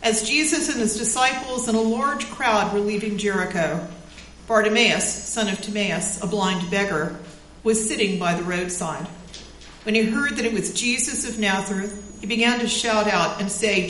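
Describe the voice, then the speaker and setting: A woman pastor reading scripture and leading a children's sermon, gentle and encouraging with coaxing questions. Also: mid-range voice, moderate pace, slight background noise. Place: church sanctuary. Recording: echoey church from far off.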